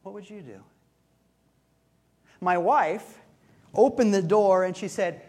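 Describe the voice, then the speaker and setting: A male pastor giving a conversational sermon, telling a story with relaxed humor and asides. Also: high-pitched, slow pace, pauses often.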